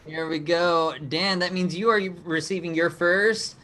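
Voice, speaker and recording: A man's voice: sits high, unhurried, sharp tone. A man hosting an online improv game over a video call, explaining the rules in an upbeat way and laughing often. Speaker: game show host.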